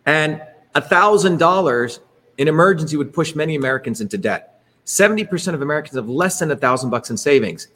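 A man with a somewhat raised pitch leads a presentation. He talks emphatically and digresses often, drops asides mid-sentence and keeps checking in with the listeners. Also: lively intonation, fast, a bit bright. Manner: emphatic, digressive, keeps asking "right?" and inserting "by the way". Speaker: presenter leading an online talk. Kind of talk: rambling presentation to an audience.

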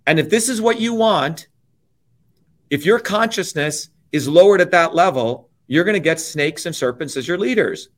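A man who is a guest on an interview show, delivering a heated political rant that is profane, forceful and repetitive. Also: on the high side.

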